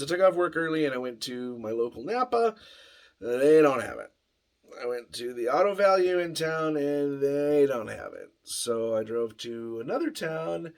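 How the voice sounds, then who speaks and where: A man's voice: medium pitch, a little mellow. A man casually telling a rambling story in a workshop vlog, full of fillers and restarts. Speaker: vlogger. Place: home workshop.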